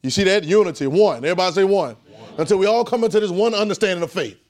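A preacher with a somewhat high voice teaches a Bible class and draws spoken answers from the room. He hammers points through repetition and often sinks to a low, hushed voice for reverence. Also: rapid-fire. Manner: emphatic and repetitive, often dropping to a low, quiet voice. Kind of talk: call-and-response Bible teaching.

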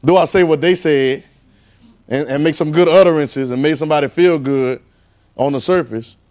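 Man, preacher, conversational sermon, rhetorical questions, slightly high voice. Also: moderate pace. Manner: animated, repetitive, fires rhetorical questions at the congregation.

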